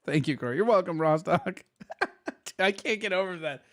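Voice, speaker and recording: High lively man mocking a stream. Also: moderate pace, no echo, studio quality. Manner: mocking, laughs often, does a nerdy customer voice. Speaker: stream commentator. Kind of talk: mocking reaction commentary.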